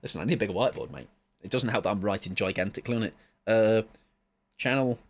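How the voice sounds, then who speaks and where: A man's voice: fairly low pitch, fast talker. A man, chatting casually with viewers as a game streamer in a playful, rambling, self-mocking way.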